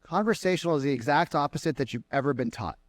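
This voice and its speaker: A man giving an energetic sales seminar to a live room, firing questions at the crowd. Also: on the high side, fast, no room sound. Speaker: sales trainer. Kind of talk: live seminar talk to an audience. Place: meeting room with an audience.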